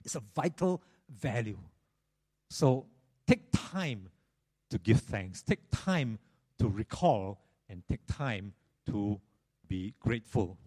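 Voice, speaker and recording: Animated male preacher with lively pitch. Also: slow, pauses often, husky. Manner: animated, repeats phrases, storytelling. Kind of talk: sermon.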